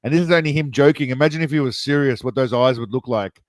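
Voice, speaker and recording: A man chats through a live reaction stream, loose and joking, dropping casual swears and greeting his viewers. His voice sits at an ordinary pitch and sounds dry and close to the mic. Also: fast, dry recording.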